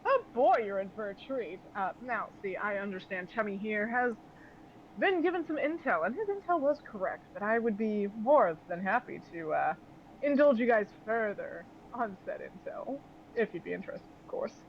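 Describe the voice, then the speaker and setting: A man's voice: high-pitched, animated, moderate pace, lo-fi sound, a little hiss or hum. A man voicing a sly, mocking male ship captain who talks in a smug, theatrical way.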